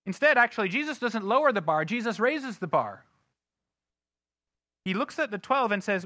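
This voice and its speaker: Animated high-voiced male preacher. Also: normal speed, no echo, clean studio sound. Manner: animated preaching, dropping to soft low asides and rising to loud emphatic questions. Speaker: pastor. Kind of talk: sermon. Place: church sanctuary.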